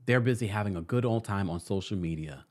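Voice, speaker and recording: A man with a lowish voice talks fast while hosting an informal reality TV recap. He animatedly acts out quotes, speaks to his viewers, and reads what they've commented.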